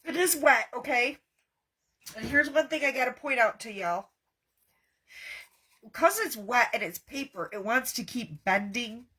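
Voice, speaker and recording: Slow-talking woman crafter. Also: on the high side, lively intonation, breathy edge. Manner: warm, talks straight to viewers with folksy asides. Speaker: craft host. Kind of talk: live craft tutorial chat.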